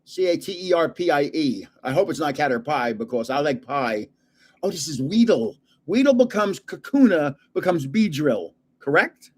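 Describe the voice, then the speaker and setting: A man's voice: on the high side, animated, moderate pace, slightly rough. A man in his seventies hosting a casual livestream, rambling, chuckling often and trailing off while searching for words. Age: 70s. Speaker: livestream host.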